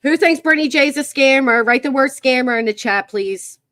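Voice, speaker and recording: A woman's voice: high-pitched, a little fast, fairly bright tone, no echo, studio quality. A woman hosting a livestream commentary, mocking and exasperated, talking to her viewers and chat at a computer. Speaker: commentary channel host. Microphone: computer mic.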